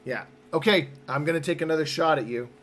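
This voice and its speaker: A man's voice: a little high, fast, a bit bright. A man running a tabletop roleplaying game as game master, upbeat and patient as he explains the rules step by step.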